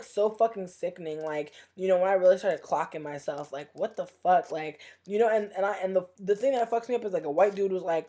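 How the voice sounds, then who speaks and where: A woman's voice: lowish voice, dark tone. A young woman vlogging in a casual livestream rant, heated and profane, rambling with lots of fillers.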